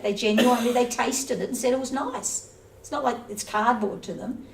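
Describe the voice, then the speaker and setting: A spiritual teacher, a woman with a voice on the high side, lectures on scripture at normal speed in a casual, conversational style. Along the way she playfully acts out everyday scenes, captured from afar with roomy echo and faint noise.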